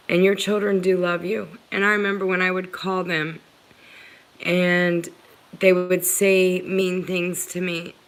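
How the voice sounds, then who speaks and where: This is an emotional talk to camera from a middle-aged vlogger recounting what she went through. Her voice is fairly low and a bit bright. She is earnest, nearly in tears at moments, and addresses her audience as "guys" again and again.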